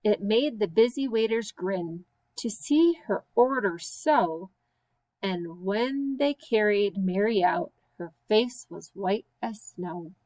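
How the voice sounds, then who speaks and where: A woman teacher reading silly children's poems aloud with slow, sing-song, playful emphasis. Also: medium pitch, dark tone, poor audio. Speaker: special education teacher.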